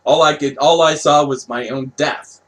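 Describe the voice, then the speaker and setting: A man from Canada casually telling a personal story, animated, laughing and swearing as he goes. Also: a little high, moderate pace, poor audio.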